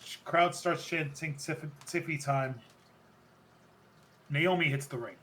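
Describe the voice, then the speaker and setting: A man's voice: fairly high pitch, takes it slowly, a little hiss or hum. A man hosting a podcast, rambling through a wrestling recap and often correcting himself mid-sentence. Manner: rambling, self-correcting, excited recounting. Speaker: podcast host. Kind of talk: casual wrestling recap chat.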